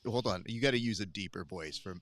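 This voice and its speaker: A man's voice: lowish voice, fast talker, a bit bright, no echo, clean studio sound. A man hosting a casual post-show chat, enthusiastic and teasing. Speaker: host.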